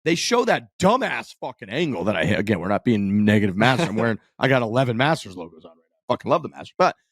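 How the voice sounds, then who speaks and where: A podcast co-host with a husky, medium-pitched voice recounts a golf finish blow by blow at a quick pace. The casual sports chat is loose, profane, and animated. The studio sound is clean, with no room sound.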